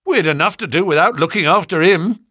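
Gruff common-spoken constable, a man reading him; husky, lively, dry studio. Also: a little high, a little slow, dry recording, voice pushed up, exaggerated voice. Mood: aggrieved. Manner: dropped grammar, rough common speech. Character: gruff working-class London police constable, defensive. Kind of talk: audiobook character reading.

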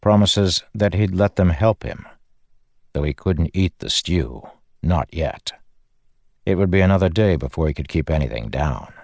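A man giving measured, scripted narration of a fantasy audiobook. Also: deep voice, lively intonation, vocal fry, darkish tone, no room sound, studio quality.

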